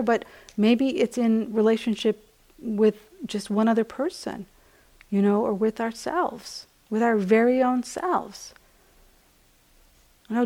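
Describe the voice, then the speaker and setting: A woman meditation teacher giving a gentle, conversational dharma talk at a retreat center, often saying "you know.". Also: fairly high pitch.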